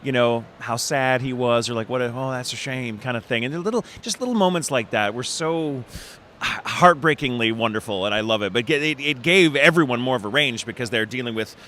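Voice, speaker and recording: Middle-aged male voice actor from Texas, bright tone, animated and rambling, convention interview with faint background hum. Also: mid-range voice, a little fast. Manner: animated, restarts often, laughs easily. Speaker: voice actor guest.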